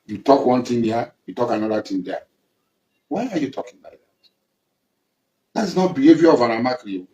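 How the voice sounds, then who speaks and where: A man's voice: mid-range voice, sing-song, moderate pace, pauses often, mellow, echoey room, rough recording. A middle-aged Nigerian man in a confrontational public address, accusing and emphatic, repeating lines for force. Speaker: traditional ruler and political figure.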